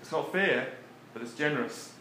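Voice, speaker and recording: A man preaching in a relaxed, conversational way, often chuckling between his points. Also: medium pitch, moderate pace. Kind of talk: conversational sermon. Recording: echoey room with faint background noise.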